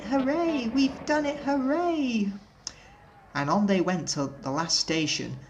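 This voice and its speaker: Expressive man reading a storybook. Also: a little high, a little hiss or hum. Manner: expressive, storytelling, addresses listener. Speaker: narrator.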